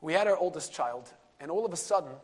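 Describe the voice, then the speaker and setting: Rabbi, lively storyteller, somewhat high voice, hushes for the punchline. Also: male voice, fast talker. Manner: animated storyteller, sprinkles Yiddish and Hebrew words, drops to a hush for key moments. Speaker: rabbi and lecturer. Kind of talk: storytelling Torah class.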